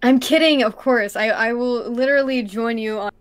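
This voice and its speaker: A woman's voice: a little high, moderate pace, clear, resonant tone. A woman guest on a livestream, chatting in a giggly, playful, self-mocking way. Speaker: guest streamer. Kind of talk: casual livestream chat.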